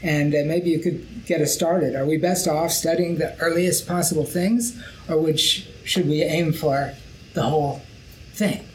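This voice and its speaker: A man hosting an academic panel podcast, speaking in a measured, thoughtful way with occasional fillers. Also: a little high, fairly even intonation, a little hiss or hum, poor audio. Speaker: podcast host.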